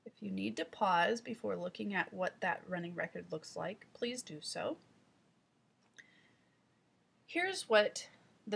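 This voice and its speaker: A woman reading teacher giving calm, step-by-step instructional narration. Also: fairly low pitch, a little slow, vocal fry, breathy edge. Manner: calm, explanatory, guiding the listener step by step.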